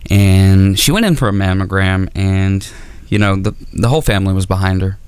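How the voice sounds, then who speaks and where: A man doing a stand-up comedy set on stage, rambling and self-deprecating with dark humor. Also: low-pitched, moderate pace, smooth, no echo.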